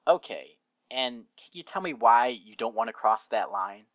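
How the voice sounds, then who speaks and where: A man's voice: mid-range voice, lively intonation, normal speed, a bit bright, dry recording, highs cut off, close to an everyday voice. Man playing a teasing, over-the-top young guy. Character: young man caring for an injured pony.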